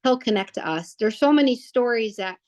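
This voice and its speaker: A woman's voice: fairly high pitch, lively intonation, brisk. A young woman telling a family story casually, rambling with restarts and fillers.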